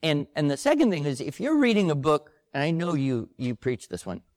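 A man's voice: on the high side, huge pitch swings, brisk, a little mellow, no room sound, studio quality. An older man talking casually and chattily with a co-host, with easy laughs. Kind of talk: casual conversation before a live audience.

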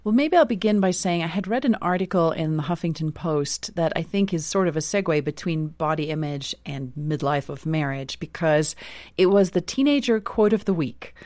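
A middle-aged woman speaks as an author guest in a dry, close recording, her voice slightly low. She talks reflectively and laughs easily as she shares personal stories. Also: lively intonation, moderate pace, darkish tone, dry recording. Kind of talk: conversational interview.

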